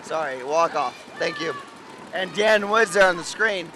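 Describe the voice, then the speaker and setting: An American man doing energetic live play-by-play for a paintball match. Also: fairly high pitch, a little slow, noisy background. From United States. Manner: energetic play-by-play, laughs easily. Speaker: paintball commentator. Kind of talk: live sports commentary.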